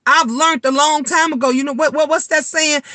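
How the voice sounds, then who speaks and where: A middle-aged woman, vlogging in a blunt, animated monologue full of swearing. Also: high-pitched, normal speed, dry recording. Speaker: vlogger and tarot reader. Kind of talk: casual vlog monologue.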